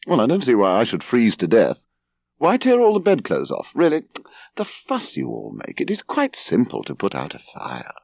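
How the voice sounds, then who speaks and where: A man voicing a pompous, drowsy young man who lectures his family with lofty calm. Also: lowish voice, moderate pace, creaky, no room sound, exaggerated voice.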